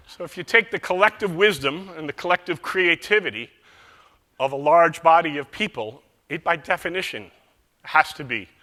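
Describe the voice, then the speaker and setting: Male keynote speaker with a folksy storytelling manner; tense, bright tone echoing through a big conference hall. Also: medium pitch. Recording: echoey large hall.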